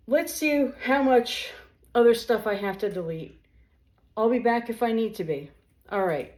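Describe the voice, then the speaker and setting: A woman casually telling funny stories as a vlogger in her home kitchen, animated and chatty, talking while she eats. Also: medium pitch. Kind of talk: casual storytelling. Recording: echoey room.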